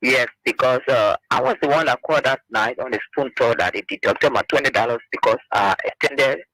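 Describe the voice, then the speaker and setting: A man phoning in to a radio show, telling an aggrieved story in an animated way. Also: medium pitch, fairly quick, no room sound, poor audio. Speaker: radio caller.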